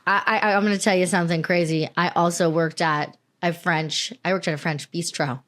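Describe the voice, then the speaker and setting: A woman's voice: on the low side, a little fast. A young adult woman co-hosting a podcast, chatting casually and telling stories with lots of laughter. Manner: chatty, animated storytelling with frequent laughs. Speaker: podcast co-host. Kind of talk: casual chat.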